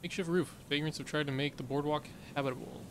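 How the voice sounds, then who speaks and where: A man's voice: a little high, fairly even intonation, quick pace, background noise. A male streamer casually reading game text aloud and making wry asides while playing. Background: game music.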